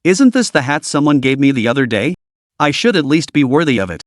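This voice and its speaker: A man's voice: medium pitch, expressive, a little fast, no room sound, studio quality, close to an everyday voice. A man voicing a carefree young man who jokes and banters, read in a story recap. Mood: cheerful. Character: cheerful carefree young man, playful joker.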